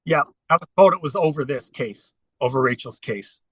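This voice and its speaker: A man's voice: medium pitch, animated, moderate pace, a bit bright, slightly rough, no echo, low-quality recording. A man telling his story at length as a podcast guest, in an earnest conversational way. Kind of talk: conversational interview.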